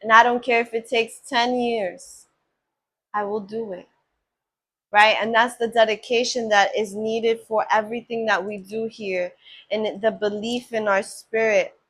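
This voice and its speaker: Woman card reader, higher pitch, unhurried, earnest, affirming spiritual tone. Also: fairly even intonation, a bit bright. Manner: slow, earnest and affirming, often checks in with "right?". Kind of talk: spiritual oracle card reading.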